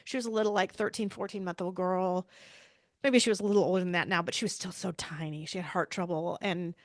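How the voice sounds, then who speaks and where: A woman's voice: lowish voice, fairly even intonation, fast talker, no room sound, clean studio sound. A middle-aged woman, a pediatrician, telling a personal story in an interview with earnest, searching speech and frequent restarts. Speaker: pediatrician and bereaved mother, guest.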